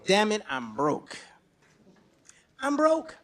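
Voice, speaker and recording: High-voiced man telling a story. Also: very slow. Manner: animated, profane, breaks into shouting. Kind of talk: live stage storytelling. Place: stage at a live storytelling event.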